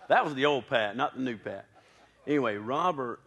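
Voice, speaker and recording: A male preacher telling a story from the pulpit in a folksy, conversational way. He tosses joking asides to the congregation between the beats of his story. His voice sits at an ordinary middle pitch for a man. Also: expressive, moderate pace, gravelly, fairly bright tone, husky.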